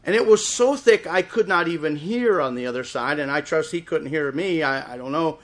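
A man with a Wisconsin accent preaching a sermon, telling stories and slowing down and rising in volume for emphasis. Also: on the high side, animated. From Chicago area, raised in Wisconsin. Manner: storytelling preacher, swells louder and slower for emphasis. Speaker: guest preacher.

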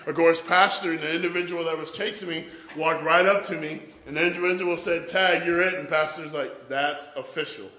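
A man telling lively stories in a tribute to his pastor at a church service, acting out the quotes and laughing along. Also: a little high, a little fast, few pauses, background noise. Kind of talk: anecdotal storytelling speech.

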